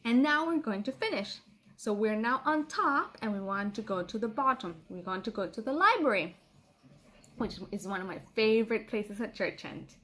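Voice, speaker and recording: A middle-aged woman teaching a children's language lesson in a playful, patient way, repeating words slowly for pupils to copy. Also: on the high side, expressive, fairly bright tone. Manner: playful, laughs at herself.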